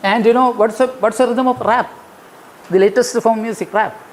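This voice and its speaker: A man's voice: extremely high pitch, fairly even intonation, moderate pace, a little hiss or hum, rough recording. A man giving an academic lecture, emphatic, repeating key phrases and counting out rhythms. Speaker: guest lecturer. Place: lecture hall.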